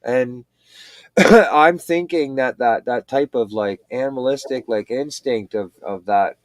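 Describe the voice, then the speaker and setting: Man, casual livestream talker, rambling animated storyteller, dry close sound. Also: medium pitch, unhurried, no echo. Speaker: livestream chat participant. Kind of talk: casual chat.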